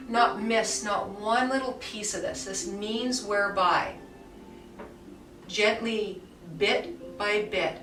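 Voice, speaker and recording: A woman yoga teacher guiding a somatic movement class with soft, soothing cues. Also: medium pitch, background noise. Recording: echoey room, mic far off, faint music.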